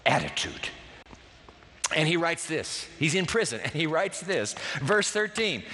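A man's voice: a little high, sing-song, measured pace, bright, forceful tone, in a large hall. A man preaching a sermon as pastor, with dramatic, emphatic delivery and big swings in his voice.

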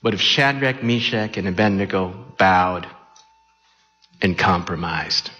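Slow, bright-voiced preacher in a hall. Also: male voice, deep voice. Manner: dramatic, acts out the story with sudden shouts. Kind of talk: animated sermon storytelling. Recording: muffled sound in a reverberant hall.

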